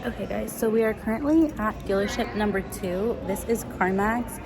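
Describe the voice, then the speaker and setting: A young woman vlogs casually to her phone while car shopping at dealership lots and showrooms, chatty, excited and a little tired, saying "like" and "guys" a lot. Her voice is medium-pitched at normal speed, with music in the background. The phone video has loud background noise of kids playing and people talking.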